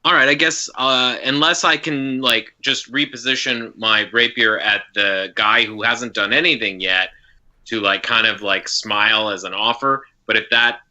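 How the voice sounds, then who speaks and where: A man's voice: mid-range voice, fairly even intonation, normal speed, pushed and bright, highs cut off. A man playing a tabletop game, hesitantly asking questions about the rules. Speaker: player.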